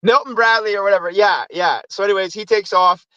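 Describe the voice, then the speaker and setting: A man's voice: sits high, fairly quick, bright, forceful tone, no room sound, dull audio. A man hosting a casual movie review show, rambling through plots and acting out lines from the films. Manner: rambling, acts out movie quotes. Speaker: host.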